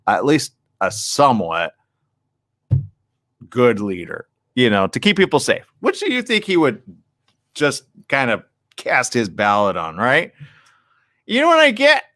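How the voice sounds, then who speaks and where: Bright, ranting man hosting a live show. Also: medium pitch, huge pitch swings, measured pace, no room sound, studio quality. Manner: ranting, blunt, sarcastic. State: sleep-deprived. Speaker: live morning show host. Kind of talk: casual live-stream commentary.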